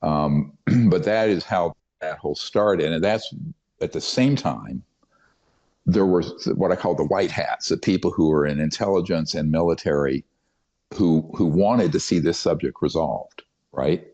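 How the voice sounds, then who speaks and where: An older man with a very deep, low voice tells his story as an interview guest. He talks emphatically and conspiratorially, restarting sentences and filling pauses with "um" and "uh". The sound is a little dull and muffled, like lo-fi podcast audio. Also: a little mellow. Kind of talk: long-form interview storytelling.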